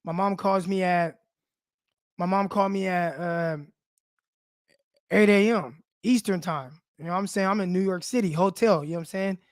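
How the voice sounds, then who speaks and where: A man's voice: sits high, steady tone, moderate pace, no echo, clean studio sound. A young man hosting a sports podcast, talking loosely and personally with many fillers, teary-eyed as he speaks. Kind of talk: casual heartfelt monologue.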